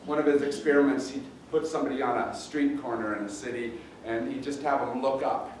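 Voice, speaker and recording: A pastor preaching a sermon in a conversational, halting way, often repeating words. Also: male voice, mid-range voice, steady tone, background noise. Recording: roomy echo, distant mic, faint ambience.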